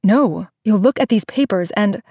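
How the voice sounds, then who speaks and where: A woman's voice: mid-range voice, animated, moderate pace, dark tone, breathy edge, no room sound. Lady doing a pushy resentful mom who mutters and argues, dry audiobook sound. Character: stubborn, defensive mother of a sick girl. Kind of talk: audiobook character voice.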